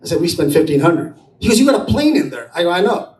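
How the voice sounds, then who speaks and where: A man's voice: high-pitched, big pitch swings, fast, darkish tone. A man speaking at an entrepreneurs' event, telling personal anecdotes and acting out the dialogue. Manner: anecdotal, acts out dialogue in quotes. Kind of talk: personal storytelling talk. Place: event room with an audience. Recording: roomy, distant mic, faint ambience.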